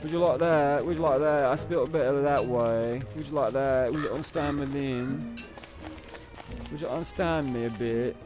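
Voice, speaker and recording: A man's voice: medium pitch, steady tone, moderate pace, music in the background, lightly acted. A man putting on a prim over-proper gent. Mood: mocking. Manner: mincing, mock-polite questions.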